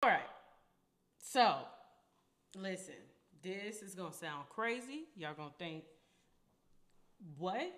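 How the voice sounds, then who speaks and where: A woman's voice: medium pitch, expressive, takes it slowly, long pauses, a bit bright. A young adult woman hosting her own podcast, talking in a casual, preachy way and addressing her listeners as y'all. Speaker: podcast host. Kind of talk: casual faith talk.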